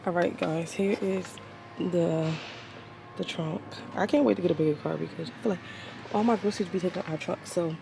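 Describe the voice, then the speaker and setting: A woman's voice: on the low side, fairly quick, vocal fry, music in the background. A woman vlogging in casual, rambling chat full of fillers, sounding stuffy from allergies. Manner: chatty, rambling, with many fillers.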